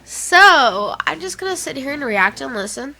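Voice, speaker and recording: A woman's voice: high voice, sing-song, normal speed, bright, forceful tone, rough recording. A young woman with a Southern American accent, co-hosting a casual podcast, stuffy-nosed, giggly and rambling. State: stuffy nose. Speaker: co-host.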